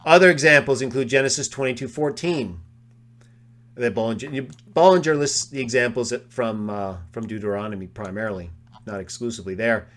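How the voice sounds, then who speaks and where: A man presenting a live study of biblical grammar, walking through his notes and slowly repeating quoted phrases for emphasis. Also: medium pitch, a bit bright. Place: live online discussion.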